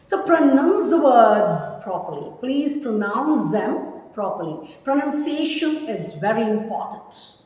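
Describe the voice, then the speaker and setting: A woman's voice: fairly high pitch, very animated, slow, a little mellow. A woman in her fifties from India, teaching a spoken English lesson with emphatic, instructive delivery and repeated key words. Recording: echoey room with long reverb.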